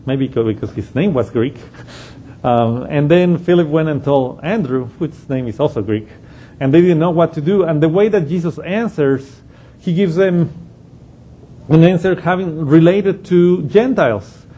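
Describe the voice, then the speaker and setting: A man's voice: fairly high pitch, expressive, normal speed, dark tone, a little hiss or hum. A man giving an unscripted Bible study lesson, explaining a passage step by step and thinking aloud as he goes. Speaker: Bible teacher.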